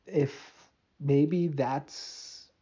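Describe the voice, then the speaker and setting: A man's voice: on the high side, steady tone, very slow, warm tone, breathy edge, highs cut off. Rambling, self-mocking male podcast host. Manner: rambling, self-mocking, with many restarts and fillers. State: tired, yawning. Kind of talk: casual solo podcast monologue.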